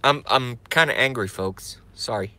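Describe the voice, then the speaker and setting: A middle-aged man ranting angrily on his live stream, swearing, breaking off to apologize, his voice going hoarse from a day of talking. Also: mid-range voice, normal speed, sharp tone. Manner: angry, profane ranting with sudden outbursts and apologies.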